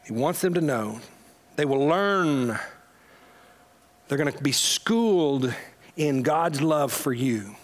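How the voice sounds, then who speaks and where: A man with a fairly high voice delivers a sermon in a loose, conversational way. He swings between loud, emphatic readings and low, quiet asides. His talk is full of fillers and restarts. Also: animated, slow pace, long pauses. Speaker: pastor.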